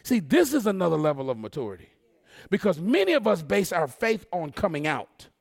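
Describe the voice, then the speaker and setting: A man preaching a fervent sermon, calling out to the congregation and rising into shouts. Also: sits high, big pitch swings, brisk, gravelly.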